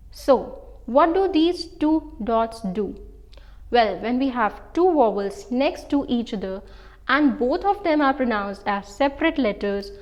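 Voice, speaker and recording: A woman, giving an online French lesson and slowly and carefully modelling each pronunciation example. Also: fairly high pitch. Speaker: French teacher.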